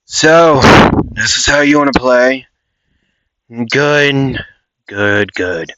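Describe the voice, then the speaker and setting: A man's voice: mid-range voice, animated, drawn-out words, a bit bright, smooth, dry recording, muffled recording. A man voicing a fierce young woman fighter in a fan story, taunting and brash.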